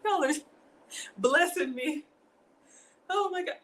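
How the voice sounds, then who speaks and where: A woman's voice: extremely high pitch, slow, fairly bright tone, poor audio. A woman, cooking at home on a livestream, chatting and thanking her viewers. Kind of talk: casual livestream cooking chat. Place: home kitchen.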